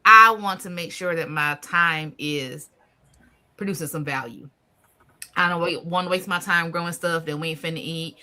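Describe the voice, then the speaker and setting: Woman, bright forceful tone, slightly low pitch, casual podcast host, easygoing laughter. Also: moderate pace. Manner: laughs often, drawling Southern slang. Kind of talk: casual chat.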